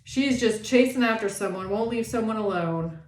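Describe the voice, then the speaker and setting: A woman giving a casual tarot reading, animated and sassy, swearing often and acting out the people she talks about. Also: on the high side, normal speed, reverberant. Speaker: tarot reader.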